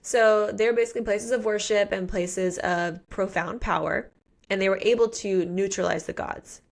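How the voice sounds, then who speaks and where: A woman with a gravelly, fry-edged voice talks through a novel's plot in casual podcast chat. Her tone is playful and slangy, and she drops quick quoted asides as she goes. She sits at a middle pitch. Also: steady tone. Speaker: podcast co-host. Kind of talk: casual book recap chat.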